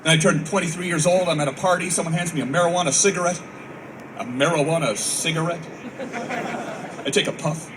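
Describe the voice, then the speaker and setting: A man's voice: a little high, a little fast, long pauses. Rambling man doing stand-up outdoors. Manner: rambling storytelling, acts out voices, frequent swearing. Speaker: comedian. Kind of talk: stand-up comedy for troops. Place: outdoor military base show. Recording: far-off mic, noisy open-air ambience.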